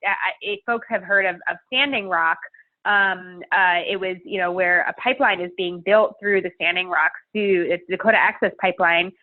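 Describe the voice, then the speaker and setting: A woman's voice: on the low side, fairly even intonation, normal speed. Woman on a tinny phone-like line. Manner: earnest, emphatic, thinks aloud. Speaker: guest, climate organizer. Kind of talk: podcast interview conversation. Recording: tinny phone-like call audio.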